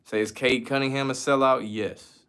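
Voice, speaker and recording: A man's voice: mid-range voice, fairly even intonation, moderate pace, a bit bright, smooth. A man from the United States chatting casually as a streamer, answering viewer questions in a loose, slangy, profane way. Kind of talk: casual chat.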